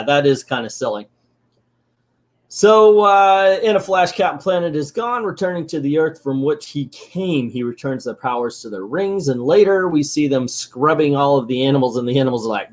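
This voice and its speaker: A man's voice: mid-range voice, moderate pace. A man casually recapping a cartoon episode as a channel host, with sarcastic, joking asides.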